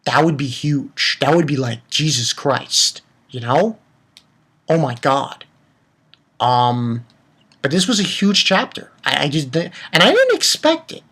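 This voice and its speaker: A young man giving a casual, excited manga chapter review, rambling and swearing freely. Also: a little high, a little slow, slightly rough.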